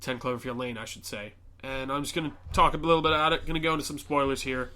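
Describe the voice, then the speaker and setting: A man hosting a podcast, chatting casually and excitedly retelling a movie with lots of fillers. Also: medium pitch, quick pace. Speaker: podcast host. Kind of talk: casual chat.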